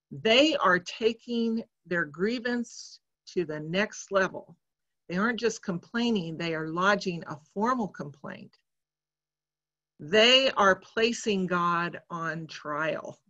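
A woman preacher giving a sermon in a church, speaking in a measured, reflective way. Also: medium pitch, animated, a bit bright, dull audio.

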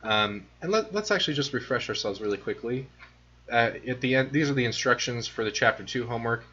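A man lecturing in a relaxed, conversational way, explaining ideas with many ums and restarts. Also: mid-range voice, brisk, slightly rough, dull audio. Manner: conversational, filler-heavy explaining. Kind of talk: recorded lecture.

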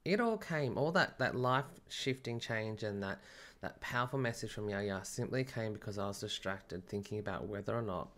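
A man telling a personal story in a casual, chatty podcast monologue, often breaking into laughter. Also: fairly low pitch. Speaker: medium and podcast host.

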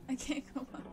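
A woman commenting as she plays a horror game, jumpy and talking to the screen, with bursts of nervous laughter and shouting. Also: high-pitched, noisy background. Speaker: gameplay commentator. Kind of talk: let's play commentary.

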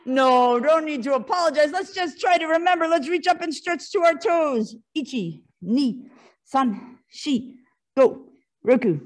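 A woman's voice: high voice, expressive, measured pace. Woman leading a kids' karate class. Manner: calls commands and counts in Japanese; encouraging, gently firm with children. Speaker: karate instructor.

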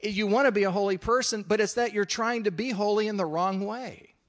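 A man's voice: sits high, fairly quick. A man preaching a sermon in an earnest, conversational, emphatic way.

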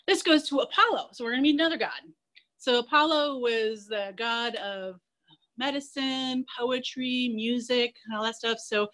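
Her voice is on the high side as this woman, a zoo educator, leads children in an online class. She's playful and energetic, telling a myth while getting the kids to run and join in chanting.

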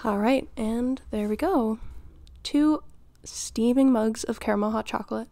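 In an audio role-play, a woman plays a doting, flirty middle-aged mother who nurtures and teases, with giggles and flustered pauses. Her voice is fairly high and mellow, in a dry recording.

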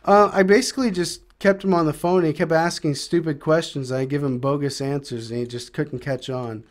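A man's voice: fairly high pitch, steady tone, brisk. A young man hosting a podcast, casually rambling through a story while gaming and acting out the voices of the people in it. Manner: rambling, acts out quoted voices. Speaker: podcast host playing a game.

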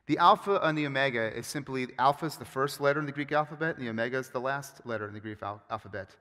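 A man preaching a sermon as pastor, with animated, emphatic storytelling and frequent restarts. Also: mid-range voice, fast. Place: church sanctuary. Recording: long hall reverb.

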